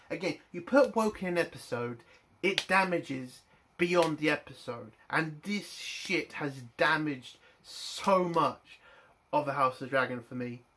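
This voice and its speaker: A man angrily ranting in a TV review vlog, swearing heavily and breaking into loud indignant bursts. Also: a little high, unhurried. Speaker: TV review vlogger.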